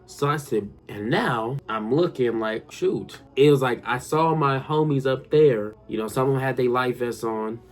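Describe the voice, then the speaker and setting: A young man telling a funny personal story straight to his viewers, animated and slangy, often calling them "y'all". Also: mid-range voice, normal speed, hardly any pauses, soft background music. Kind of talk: casual storytime monologue.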